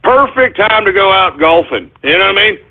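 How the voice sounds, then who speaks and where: A gravelly, husky man hosting an internet radio show, pitched high and swooping all over the place. He rants in a comic, exasperated way, dropping to a mutter and then shouting. The sound is tinny and phone-like. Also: expressive, a little fast. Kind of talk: comedic ranting radio monologue.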